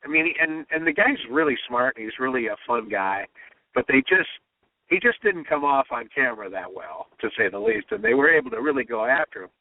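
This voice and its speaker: Male comedy writer telling lively anecdotes, mimicking quotes; thin phone-line audio. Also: mid-range voice, brisk. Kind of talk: storytelling interview talk. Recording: tinny phone-line sound.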